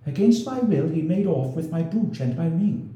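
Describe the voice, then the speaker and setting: A man's voice: fairly high pitch, expressive, normal speed, dark tone, highs cut off, lightly acted. A man voicing a noble young duchess who pleads and reproaches, in a storybook reading with a roomy echo. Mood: pleading.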